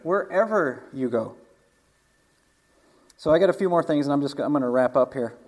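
A man's voice: a little high, racing, darkish tone, rough recording. A man preaching in a casual storytelling manner, chatty, with frequent asides, restarts and laughs.

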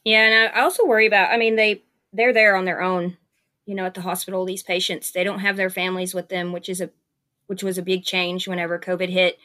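In a casual interview, a nurse with a Southern US accent tells stories in a chatty, upbeat way, using lots of fillers. Her lowish voice is fast, pushed and bright, with little variation in pitch.

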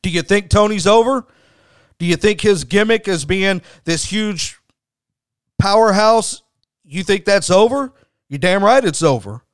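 A man's voice: high voice, animated, unhurried, clear, resonant tone, no room sound. A man hosting a podcast, telling a wrestling story in a blunt, emphatic way and swearing freely. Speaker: podcast host. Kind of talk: storytelling commentary.

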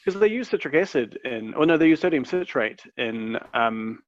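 A man's voice: mid-range voice, lively intonation, moderate pace, dry recording, dull audio. A man co-hosting a casual podcast, explaining things with many fillers. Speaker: podcast co-host. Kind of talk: casual chat.

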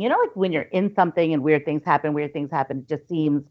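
A woman tells a spooky family story in a relaxed, chatty way. She trips over her words and restarts often, and slips into her relatives' voices. Her voice sits a little low, and the audio is somewhat dull and lo-fi. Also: fast talker, few pauses. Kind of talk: casual storytelling.

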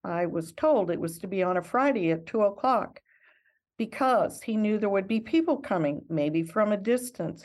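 A woman's voice: mid-range voice, darkish tone. An older woman, a missionary guest in an interview, telling her story in an earnest, reflective and heartfelt way.

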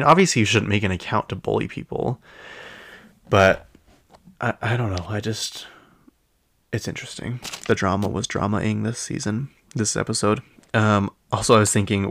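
A man's voice: on the low side, fairly bright tone, no echo. A man hosting a pop culture recap, chatting casually in a gossipy, opinionated and rambling way. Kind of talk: casual chat.

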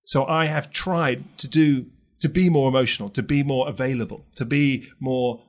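A man's voice: mid-range voice, normal speed. A middle-aged man from London with a London accent, chatting casually and acting out the voices of people in his stories. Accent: London English. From London, England. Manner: animated storytelling, acts out quoted voices. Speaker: co-host. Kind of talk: casual chat.

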